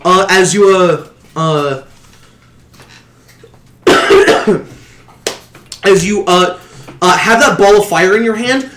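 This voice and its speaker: A man narrates a tabletop game as game master, stumbling through fillers and restarts and breaking into laughter. His voice sits high and bright. The room is echoey with a faint hiss behind him. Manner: halting, many fillers and restarts, laughs often.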